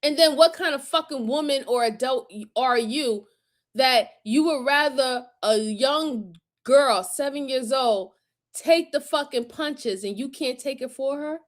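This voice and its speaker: A woman's voice: high-pitched, measured pace. A woman reacting to crime footage in a heated, emphatic way, cursing often and near tears with fury. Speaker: video commentator.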